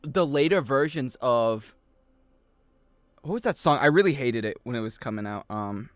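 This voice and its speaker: A man's voice: medium pitch, moderate pace, no room sound. A male streamer rambling and joking casually with his chat while he plays. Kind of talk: casual game-stream chatter.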